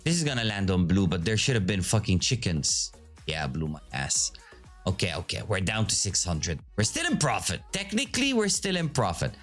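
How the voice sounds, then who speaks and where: Excitable, profane man with a lively pitch. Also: normal speed, soft background music. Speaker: video host. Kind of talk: casual live commentary to viewers.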